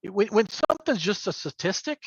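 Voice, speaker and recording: A man with a slightly high voice chats as a game-master guest on a livestream. He rambles, stacks up fillers and chuckles between thoughts. His sound comes through a remote call mic and is muffled, lo-fi and dry. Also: sing-song, a little fast, husky, dry recording. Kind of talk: casual livestream chat. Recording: dull lo-fi call audio.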